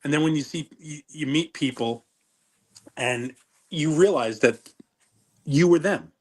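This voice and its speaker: A man's voice: on the high side, a little slow. A middle-aged man, a former wrestler telling stories in a casual interview, rambling and cutting himself off mid-sentence. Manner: rambling, self-interrupting storyteller.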